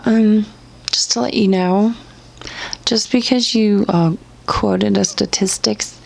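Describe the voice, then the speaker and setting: A woman's voice: mid-range voice, vocal fry, a little mellow, a little hiss or hum. A young woman ranting in blunt, sarcastic, profanity-filled commentary. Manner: sarcastic, blunt, swears constantly. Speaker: commentary vlogger.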